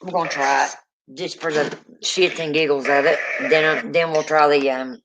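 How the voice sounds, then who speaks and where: A woman hosting a paranormal livestream, chatting casually and teasing, quick to laugh. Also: low voice, steady tone, background noise. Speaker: paranormal show host.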